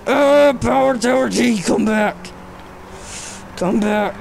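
Excitable young gamer guy yelling at a race. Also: extremely high pitch, slow pace, vocal fry, pauses often, slight background noise. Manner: excitable, frustrated, bursts into yelling outbursts; talks to the game and himself, slangy, "dude" and "bro". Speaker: gamer narrating his own play. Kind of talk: casual let's-play commentary.

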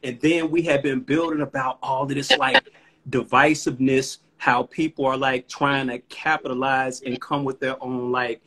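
A rapper from Chicago with a Chicago accent, talking reflectively in a casual live stream chat. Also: male voice, medium pitch, level tone, normal speed, a bit bright. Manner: reflective, affirming listener.

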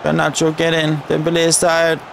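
A man's voice: fairly high pitch, completely flat delivery, fairly quick, creaky, fairly bright tone, a little hiss or hum. A man giving live, chatty commentary over a football video game as a gaming video creator, grumbling at the referee and his players.

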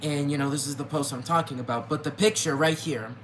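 A young adult vlogger ranting to viewers in an agitated way, repeating themselves, with the voice jumping high and loud whenever they get upset. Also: fairly quick, a little hiss or hum. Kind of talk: ranting to camera.

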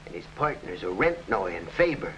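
A sneering gangster boss. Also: male voice, sits low, very animated, moderate pace, a bit bright, a little hiss or hum. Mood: gloating. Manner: sneering, gloating, hard-boiled. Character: scheming gangster boss Flat Top, grown man. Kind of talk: 1940s radio acting. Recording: dull old radio recording.

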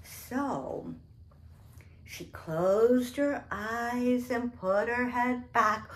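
Slow, sing-song woman reading for toddlers. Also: a little high. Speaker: children's storytime host. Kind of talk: toddler storytime lesson.

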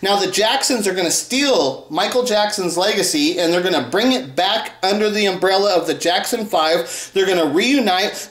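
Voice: mid-range voice, echoey room. A vlogger giving an angry, profane, scornful rant of commentary.

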